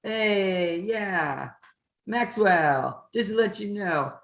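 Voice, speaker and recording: A man's voice: high-pitched, moderate pace, a bit bright, roomy sound, voice pushed up. A man voicing a shady small-time businessman who keeps brushing off worries with breezy, overly reassuring talk. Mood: apologetic.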